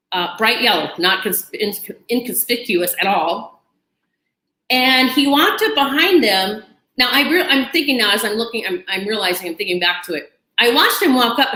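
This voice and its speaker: Animated woman telling a story in an echoey room. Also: medium pitch. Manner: animated, chatty, dramatic retelling with asides and laughs. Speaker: channel host. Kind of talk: personal storytelling to camera.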